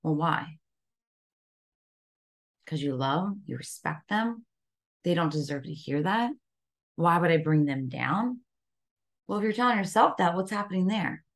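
Low-voiced woman guest chatting casually. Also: animated, measured pace, long pauses. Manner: conversational, frequent "like" and "right?" fillers. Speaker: podcast guest, wellness coach. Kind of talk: casual podcast chat.

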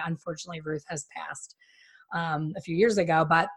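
A woman's voice: lowish voice, moderate pace, husky. A middle-aged woman, a former hairstylist, talking casually on a podcast and acting out the people in her stories. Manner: chatty, animated storyteller who acts out quotes.

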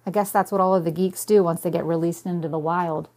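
A woman's voice: on the low side, steady tone, fast talker, mellow, natural voice. A woman voicing a cocky young man who talks in smug, teasing banter.

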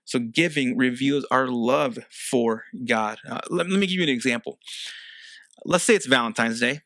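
A man's voice: medium pitch, moderate pace, a bit bright, no echo. A man preaching a sermon as a pastor, earnest and conversational, often restarting phrases.

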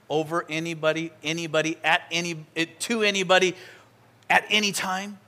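Animated, conversational male preacher. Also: fairly high pitch, normal speed. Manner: animated, conversational, acts out scenes. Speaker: pastor. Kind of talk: sermon. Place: church sanctuary.

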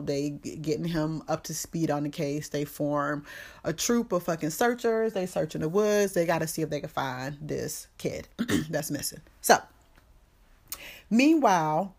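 A woman's voice: low-pitched, a little slow. A woman hosting a podcast, recapping a movie in a casual, profane, slangy way. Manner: profane, slangy storytelling with quoted voices. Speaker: podcast host.

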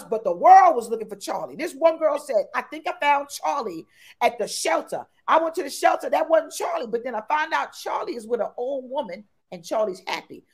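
Exuberant woman with a lively high voice. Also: breathy edge. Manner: exuberant, repeats phrases, bursts into high excited tones. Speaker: podcast guest. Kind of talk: animated interview chat.

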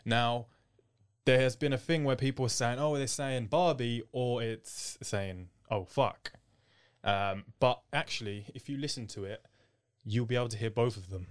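A man's voice: mid-range voice, moderate pace, smooth. A young man hosting a casual group chat, insistent and full of banter.

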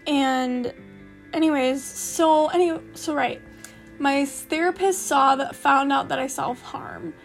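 A woman's voice: high voice, steady tone, slow, gravelly, faint music behind. A young woman telling a personal story to her viewers in a rambling, candid way, full of fillers and restarts. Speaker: vlogger.

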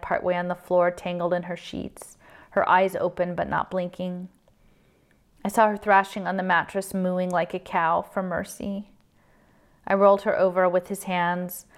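A woman reading a novel aloud, with steady, subdued first-person narration. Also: lowish voice, smooth. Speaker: reader.

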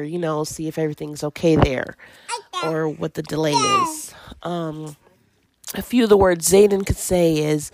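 Chatty gravelly-voiced mom host. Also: female voice, deep voice, darkish tone, dry recording. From Washington. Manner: chatty, laughing, many fillers. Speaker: podcast host. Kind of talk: casual parenting chat. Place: at home with a toddler.

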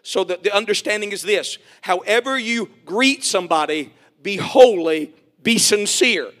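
High, bright-voiced preacher swelling to shouts. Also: male voice, a little slow. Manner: folksy, joking asides. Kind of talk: sermon.

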